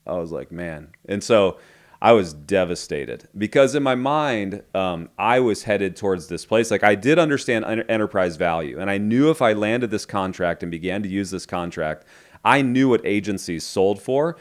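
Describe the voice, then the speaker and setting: A man's voice: fairly low pitch, lively intonation, moderate pace. A middle-aged man, a podcast guest, candidly retelling a business story and acting out the dialogue. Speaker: entrepreneur guest.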